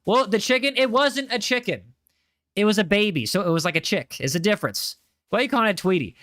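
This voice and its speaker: A man live streaming, chatting casually with his viewers, animated and repeating himself as he banters with chat. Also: high voice, fast talker, no echo, studio quality.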